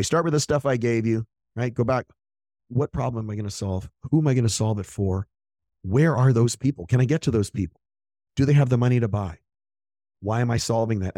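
A man hosting a solo podcast as a business coach, blunt and profane, who fires off motivational points and acts out what other people say in quick asides. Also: medium pitch, darkish tone, no room sound, studio quality.

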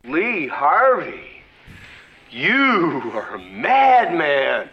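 An actor playing a drawling man who heaps slow admiration on someone, heard in a played clip. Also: fairly high pitch, huge pitch swings, exaggerated voice. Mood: admiring. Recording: dull lo-fi playback.

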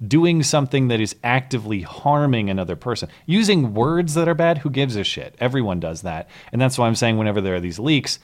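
A man's voice: mid-range voice, expressive, a little fast, few pauses. A man hosting a live call-in show, chatting casually with callers and making sarcastic asides. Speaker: show host.

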